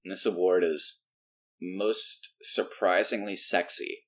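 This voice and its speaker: A man co-hosting a movie review podcast in casual chat, animated and laughing often, dropping to low mutters. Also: takes it slowly. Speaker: podcast co-host.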